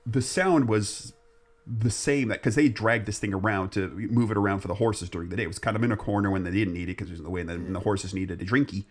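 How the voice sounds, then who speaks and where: Husky low-voiced man telling a ghost story. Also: fast talker. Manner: rambling, jokey, restarts often. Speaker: podcast host. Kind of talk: casual storytelling chat.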